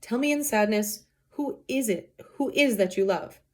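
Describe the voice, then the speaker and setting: A woman's voice: a little high, expressive, moderate pace, lightly acted. A woman reading the lines of a patient, teasing young male cousin in old verse. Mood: coaxing.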